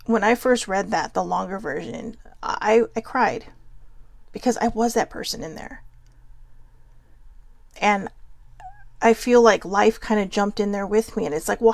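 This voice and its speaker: A woman's voice: medium pitch, gravelly, no room sound. A woman vlogger talking earnestly to viewers, telling a personal story in a heartfelt, reflective way. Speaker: mental health vlogger.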